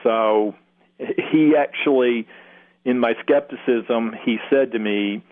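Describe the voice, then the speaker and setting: A man's voice: medium pitch, slow pace. A man from Kentucky with a Southern accent, talking reflectively in an interview, with many restarts. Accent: Southern American. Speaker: guest healer. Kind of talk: interview answers. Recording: phone-line radio sound.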